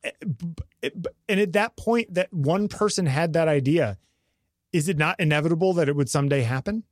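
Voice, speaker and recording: Married guy on a podcast, talks animated, acts out the people in his stories, dry close mic. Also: a little high, moderate pace, no room sound. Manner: animated storytelling, acts out quotes. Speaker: podcast co-host. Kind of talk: casual conversation.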